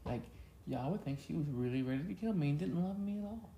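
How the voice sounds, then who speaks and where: A man's voice: fairly high pitch, expressive, quick pace, mellow, echoey room, slight background noise. A man co-hosting a podcast in casual chat, joking and teasing his co-host. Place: home studio. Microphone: podcast mic.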